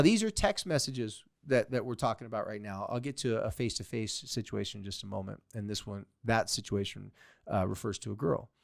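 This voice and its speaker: A man's voice: medium pitch, clear, resonant tone, dry recording, clean studio sound. A man hosting a podcast as a therapist, telling client stories and acting out quoted comebacks with mock sweetness. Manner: storytelling, acts out quoted exchanges with a mocking sweetness. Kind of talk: solo podcast talk.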